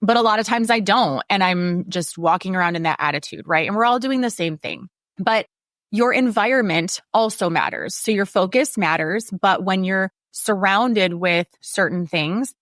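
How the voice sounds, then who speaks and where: A woman's voice: mid-range voice, a bit bright, no echo, studio quality. A woman in her forties hosting a podcast, talking in a candid, casual motivational way, swearing freely and laughing often. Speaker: podcast host.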